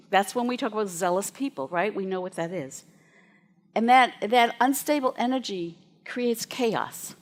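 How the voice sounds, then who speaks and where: Here a woman pastor addresses her congregation with a sermon, her voice sitting in the mid range. She laughs as she spins her stories in an animated, chatty way.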